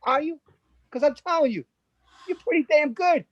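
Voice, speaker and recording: A man improvising an anxious young fiancé who keeps trying to please, with a high voice that stumbles over his restarts. The sound is dull and dry, like lo-fi video-call audio. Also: moderate pace, no room sound. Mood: pleading. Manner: eager, placating, stammering restarts. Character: anxious young man, newly engaged boyfriend. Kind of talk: improv scene.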